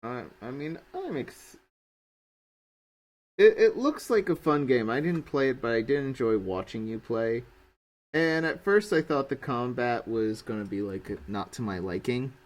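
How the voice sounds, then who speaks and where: A man's voice: medium pitch, lively intonation, measured pace, poor audio. A young man streaming while he draws, chatting casually and teasing his friend. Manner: teasing, joking.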